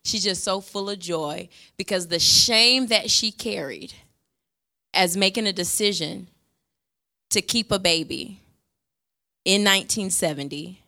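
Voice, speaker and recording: A woman's voice: medium pitch, a little slow, creaky, pauses often, bright, forceful tone. A middle-aged woman pastor preaching a sermon in a church, emphatic and passionate, her voice swelling as she makes her points.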